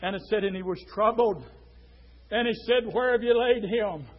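A preacher man with a strikingly high, piercing voice, dropping low and quiet and then erupting into drawn-out shouts. The recording sounds dull and lo-fi, like an old church tape. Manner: fiery preaching that swings from hushed to shouting, drawn-out words. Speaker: pastor. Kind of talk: sermon.

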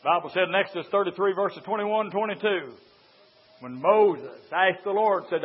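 An older man preaching a sermon in a church. He is impassioned and swings from hushed talk to loud shouting. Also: high voice, moderate pace. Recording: lo-fi recording.

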